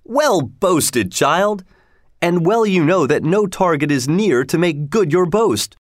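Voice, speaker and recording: A man's voice: fairly high pitch, animated, takes it slowly, dry recording, clean studio sound, voice pushed up. A man voicing a jeering male forester in a storybook reading.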